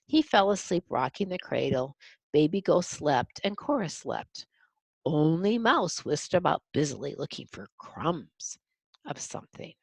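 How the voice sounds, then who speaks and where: A woman reads a children's picture book aloud and stops to talk through each picture. Her low voice is husky with a gravelly edge and moves up and down a lot. The sound is dry and close. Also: sing-song, unhurried, no room sound. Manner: explains the pictures to young listeners. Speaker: storybook reader.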